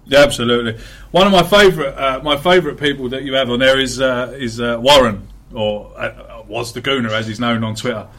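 A man's voice: mid-range voice, steady tone, a little fast, a bit bright. A man hosting a casual football podcast, chatty, with many fillers and the odd swear word. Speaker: podcast host.

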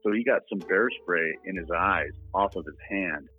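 A man's voice: low-pitched, normal speed, husky, soft background music. A man telling his own story in a plainspoken, casual way, laughing now and then. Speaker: interview guest. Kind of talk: casual recounting. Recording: dry phone-like line.

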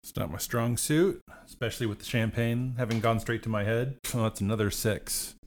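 A man's voice: medium pitch, steady tone, normal speed, slight background noise. A man playing a tabletop role-playing game, chatting casually and thinking aloud about his character. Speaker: player.

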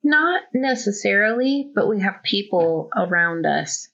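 A woman in her thirties, a podcast guest, answering in a slow, hesitant, thoughtful way. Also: medium pitch, lively intonation, fairly bright tone. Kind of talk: conversational interview. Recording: dull lo-fi audio.

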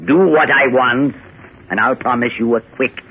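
A man's voice: mid-range voice, moderate pace, close to an everyday voice. A man playing a cruel, smug smuggler boss in a 1940s radio drama, sneering and gloating. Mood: menacing. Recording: tinny old radio recording with faint hiss.

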